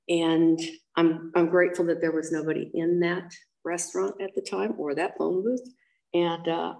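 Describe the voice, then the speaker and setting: A woman's voice: on the low side, poor audio. An older American woman frankly telling her own life story in an interview, full of ums and acted-out quotes. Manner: blunt, frank, acts out quoted voices, frequent ums. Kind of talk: candid personal storytelling.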